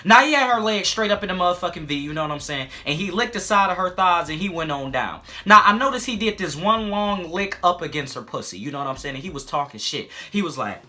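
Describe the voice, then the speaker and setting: A man in his twenties telling a crude, profanity-heavy personal story in a casual, animated vlog style with frequent asides. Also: high-pitched, fast, few pauses. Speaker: storytime YouTuber.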